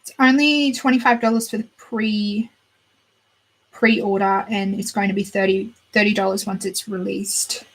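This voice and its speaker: A young woman with a slightly husky voice chats about new beauty releases. She gushes and thinks out loud as she browses, and her voice sits at an everyday middle pitch. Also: steady tone, measured pace, rough recording. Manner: chatty, gushing, thinks aloud while browsing. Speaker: beauty channel host. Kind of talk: casual chat.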